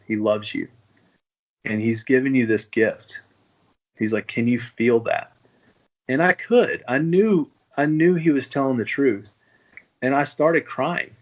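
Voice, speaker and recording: A man in the middle of his register tells his own story with an earnest, halting delivery, doubling back on his words as he goes. The audio sounds a little dull, like a modest podcast recording. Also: mid-range voice. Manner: earnest, halting, with frequent restarts and fillers. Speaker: podcast guest. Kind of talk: candid personal storytelling.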